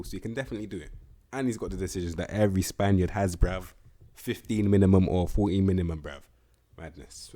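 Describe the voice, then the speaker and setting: A young man talks through a football game in a loose, slangy way, swearing as he goes. His voice sits very low and deep. He sounds animated and casual. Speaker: gaming YouTuber.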